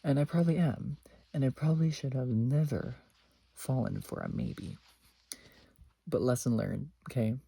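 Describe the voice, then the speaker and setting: Teen boy vlogger, exasperated storytime rant, gravelly and dark tone, dry sound. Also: medium pitch, expressive, moderate pace, pauses often. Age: teens. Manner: exasperated, dips into whispers.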